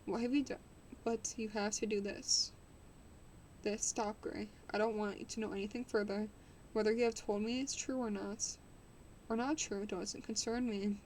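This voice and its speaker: A woman's voice: mid-range voice, steady tone, moderate pace, a little mellow, slight background noise, close to an everyday voice. A woman reading the lines of a stern, pale man aloud from a novel, hard and contemptuous in his refusal. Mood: cold refusal.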